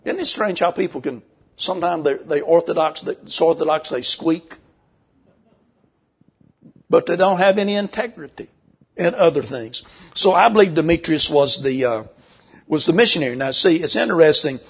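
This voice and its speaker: An older man preaching a sermon, folksy and emphatic, slowing down when he reads scripture. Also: a little high, gravelly, slightly rough.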